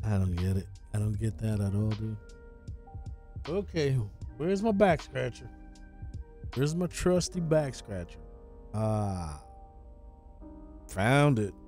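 A man chatting casually on a gaming live stream, excitable, swearing and calling everyone "dude". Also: fairly low pitch, slow, pauses often, soft background music.

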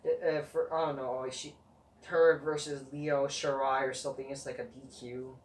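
A man's voice: medium pitch, flat delivery, moderate pace. Swearing, rambling man in a roomy room. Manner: rambling, constant swearing, dismissive. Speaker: wrestling show reviewer, channel host. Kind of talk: profane rambling review rant. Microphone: camera mic. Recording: roomy, distant mic, faint noise.

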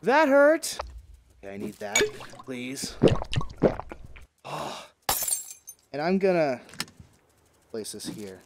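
Excitable gamer man, lively high voice. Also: slow pace, gravelly, long pauses, background noise. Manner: excitable, exclaiming, joking. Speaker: gaming video creator. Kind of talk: casual gameplay commentary. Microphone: VR headset microphone.

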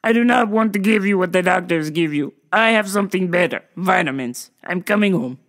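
A woman imitating an odd male customer who speaks slowly, loudly and in stilted, formal sentences. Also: sits high, expressive, creaky, heavily acted. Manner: slow, stilted, overly formal.

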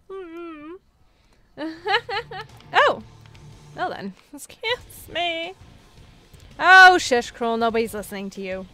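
Giggly high-pitched woman gaming. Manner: giggly, excitable, frequent laughter and squeals. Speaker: gameplay video host. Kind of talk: live gameplay commentary.

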